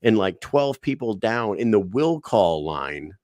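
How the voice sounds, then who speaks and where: A man co-hosting a podcast, telling stories in a casual, animated way with lots of swearing and acted-out quotes. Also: fairly low pitch, unhurried, no echo. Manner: animated storyteller, swears a lot, acts out quotes. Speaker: podcast co-host. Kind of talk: casual chat.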